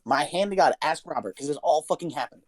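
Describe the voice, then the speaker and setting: A man's voice: fairly high pitch, expressive, quick pace. A young man co-hosting a podcast, telling a story in casual chat, swearing a lot and talking with animation. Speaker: podcast co-host.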